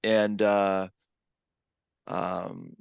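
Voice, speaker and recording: Smooth-voiced hesitant male podcast host. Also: sits low, sing-song, drawn-out words, no room sound, lo-fi sound. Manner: hesitant, filler-heavy. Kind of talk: interview.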